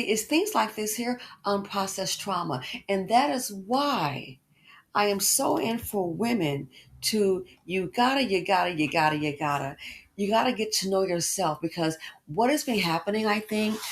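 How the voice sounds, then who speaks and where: A woman hosting a reaction commentary, expressive and repeating words as she reacts. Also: medium pitch. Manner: expressive, swoops into mock voices, repeats words. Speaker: commentary channel host.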